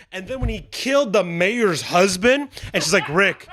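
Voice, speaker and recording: A man co-hosting a podcast, talking casually and profanely about TV, acting out quotes loudly. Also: high-pitched, animated, moderate pace, dry recording, studio quality. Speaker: podcast co-host.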